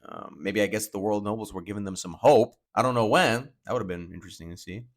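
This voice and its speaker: A man's voice: lowish voice, quick pace. A man giving casual reaction commentary as a manga reaction host, chatty and musing as he thinks aloud.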